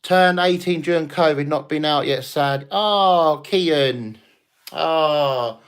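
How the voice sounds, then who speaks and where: A man's voice: fairly high pitch, slow pace, clear, resonant tone. A man hosting a casual late-night livestream, rambling, swearing and laughing as he chats with viewers after a few drinks. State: tipsy from drinking. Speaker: livestream host.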